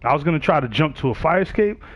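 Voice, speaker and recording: A man's voice: on the high side, animated, quick pace, no room sound. A man, telling a story casually on his livestream and acting out the other people's voices. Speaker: livestream gamer. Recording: dull, dry sound.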